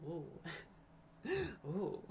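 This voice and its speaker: An Australian young woman speaks extremely slowly in a dark-toned voice while streaming live. Her casual chat is rambling and scatterbrained, full of giggles and self-corrections.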